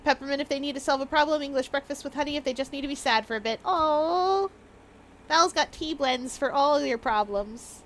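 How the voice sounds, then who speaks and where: A woman's voice: sits high, steady tone, quick pace, few pauses, slight background noise. A woman streamer talks casually to her chat. She is bubbly and rambling and breaks into laughter often. Her voice sits a little above the usual.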